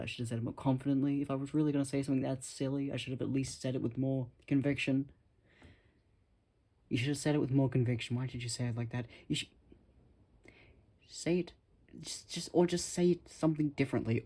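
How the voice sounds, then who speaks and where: A man talking casually to his camera at home, rambling and self-deprecating, in a musing, soft-spoken way. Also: mid-range voice, vocal fry, slightly rough. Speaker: vlogger.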